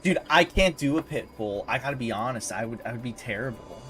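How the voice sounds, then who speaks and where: A man's voice: medium pitch, lively intonation, brisk, fairly bright tone, faint music behind. A man streaming a game, chatting in a joking, laid-back way. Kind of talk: casual gameplay chat.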